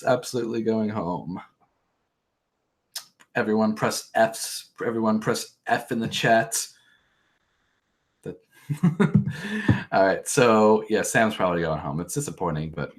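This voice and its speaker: A man's voice: lowish voice, lively intonation, measured pace, long pauses. A man hosting a podcast, casually recapping a reality show in a rambling, profane way with joking asides. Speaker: podcast host.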